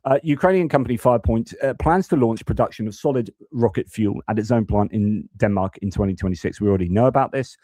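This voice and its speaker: Male live-stream news commentator, low dark voice, off-the-cuff, self-correcting. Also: quick pace, few pauses, no echo. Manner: unscripted, restarts and corrects himself, reads then explains.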